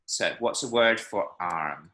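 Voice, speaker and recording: A man's voice: on the low side, takes it slowly, sharp tone. A man teaching a Spanish class online, encouraging his students and demonstrating pronunciation aloud. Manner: encouraging, explains with spoken examples. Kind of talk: online language lesson. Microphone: video call. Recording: echoey room.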